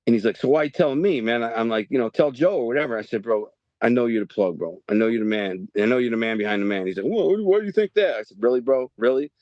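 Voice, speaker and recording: A man in his fifties from the Detroit area, telling a story as a podcast guest in animated, profane street slang. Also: medium pitch, fast, no room sound, dull audio. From Detroit area, Michigan. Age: 50s. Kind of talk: storytelling interview.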